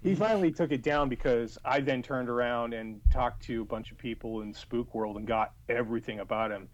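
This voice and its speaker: A man with a middle-pitched, everyday voice, rambling through a story with lots of restarts and fillers. He talks casually as a podcast co-host. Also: fairly quick, highs cut off.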